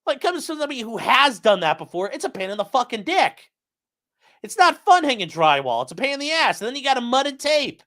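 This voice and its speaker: A man's voice: extremely high pitch, big pitch swings, a little fast, bright, forceful tone. A man hosting his channel, mocking a court filing in profane, incredulous commentary and talking to his live chat. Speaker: channel host.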